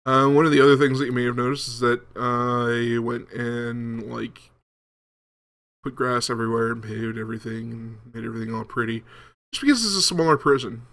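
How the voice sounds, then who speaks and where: A man's voice: medium pitch, steady tone, moderate pace, fairly bright tone. A young man casually commenting as he plays a game, rambling with many ums and restarts. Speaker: gaming video host. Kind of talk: casual let's-play commentary.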